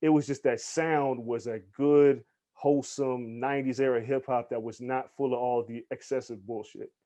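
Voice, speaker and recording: An animated man tells stories as a podcast guest, with plenty of casual swearing. His voice sits at a middling pitch, and he leans into the people he quotes. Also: moderate pace. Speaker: guest, hip hop journalist. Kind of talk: casual storytelling in an interview.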